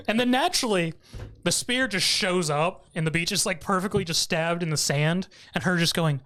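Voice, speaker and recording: A man's voice: on the high side, moderate pace, pushed and bright. A man co-hosting a podcast, casually recapping an anime episode, laughing often and briefly mimicking the characters. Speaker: podcast co-host.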